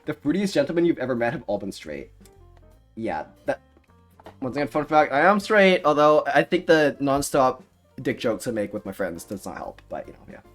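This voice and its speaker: A man's voice: mid-range voice, big pitch swings, moderate pace, a bit bright, faint music behind. A young man chatting casually on a live stream, rambling off on tangents and swearing freely. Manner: rambling, goes off on tangents, swears, laughs often.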